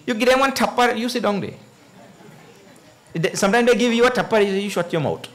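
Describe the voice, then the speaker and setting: A man's voice: high voice, brisk. A man giving a scripture discourse as a swami, telling stories with chuckles and asking his audience questions. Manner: animated storytelling, chuckles, asks the audience "eh?". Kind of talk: sermon.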